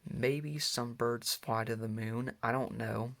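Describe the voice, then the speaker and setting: Un hombre leyendo como un osito alegre y entusiasta. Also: male voice, medium pitch, fairly even intonation, takes it slowly, vocal fry, a bit bright. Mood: eager. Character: cheerful little boy bear cub. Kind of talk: reading a children's book aloud.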